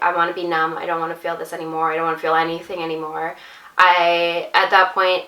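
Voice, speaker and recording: A woman's voice: lowish voice, sharp tone. Earnest woman telling a story in a roomy space. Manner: earnest, confiding, addresses viewers as ladies and mamas. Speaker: vlogger and new mother. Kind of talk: personal storytelling to camera. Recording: roomy echo, distant mic, faint music.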